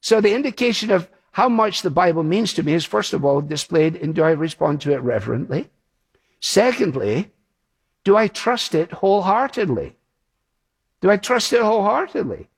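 A man's voice: sits high, sing-song, normal speed, gravelly, husky. A man preaching a sermon, earnest and emphatic, repeating his key phrases.

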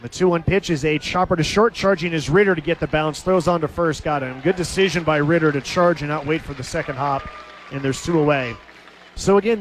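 A man doing radio play-by-play for a baseball game, his voice sitting a touch high for a man. He drifts between calling pitches and telling a light story, chuckling as he goes. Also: a little hiss or hum.

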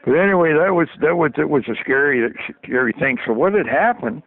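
An older man who once worked as a hockey trainer appears as an interview guest, telling anecdotes and chuckling often. His fairly high-pitched voice has lively intonation and moves a little fast, heard over a tinny, dry phone line.

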